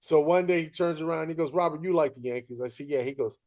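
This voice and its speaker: A man hosting a casual interview, telling lively anecdotes and acting out what people said. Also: on the high side, fast talker, hardly any pauses. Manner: animated storyteller, acts out quoted voices. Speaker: host.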